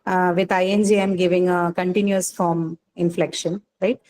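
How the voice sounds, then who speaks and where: A woman's voice: fairly low pitch, level tone, moderate pace, darkish tone, low-quality recording. Woman teacher explaining with tag questions. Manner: explains patiently with many fillers and tag questions. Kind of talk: online class lecture.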